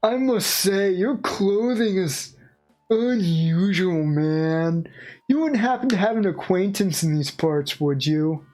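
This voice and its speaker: A woman's voice: on the low side, slow, darkish tone, soft background music. A woman voicing a polite, fussy old man professor with a formal, bluntly morbid way of talking.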